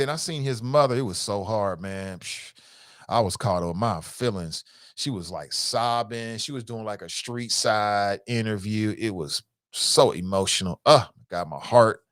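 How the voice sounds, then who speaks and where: A middle-aged man hosting a talk show, reading viewer comments and answering them in an animated, emphatic way. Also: lowish voice, no room sound, clean studio sound. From United States. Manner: animated, emphatic, drawn-out repetitions. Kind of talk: casual live-stream talk.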